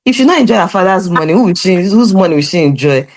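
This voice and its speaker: A woman's voice: fairly low pitch, lively intonation, fast talker, a little mellow, a little hiss or hum, voice pushed up. A woman putting on her doting father, indignantly defending his daughter. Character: indulgent doting Nigerian father, exasperated.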